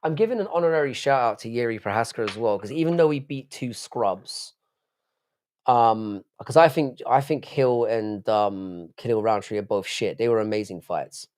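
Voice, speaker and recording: A man's voice: mid-range voice, moderate pace, a little mellow. A man from the United Kingdom hosting a late-night live stream, rambling casually, swearing often and answering chat messages aloud.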